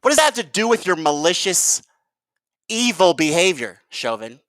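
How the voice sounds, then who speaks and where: A man's voice: high voice, very animated, normal speed, fairly bright tone, no room sound. A man ranting in a heated, profane vlog commentary and calling his viewers "guys". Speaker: video commentator.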